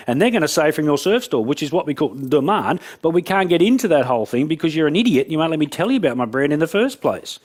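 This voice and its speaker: Australian male business speaker, live-audience talk, quick and brash, playful storyteller. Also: a little high, animated. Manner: brash, joking, acts out conversations. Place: event room with audience.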